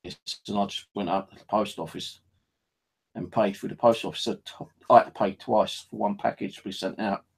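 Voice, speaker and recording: A man's voice: steady tone, moderate pace, gravelly, slightly rough, poor audio. A man from the UK grumbling and swearing his way through a casual rambling monologue to viewers. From United Kingdom. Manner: grumbling, sweary, mimics phone bleeps in a high voice. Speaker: vlogger.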